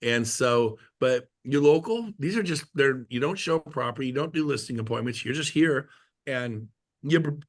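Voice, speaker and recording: A man's voice: medium pitch, lively intonation, normal speed. Middle-aged man, chatty, jokey storyteller, casual team call. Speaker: guest speaker at a real estate team meeting. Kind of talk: casual talk on a video call.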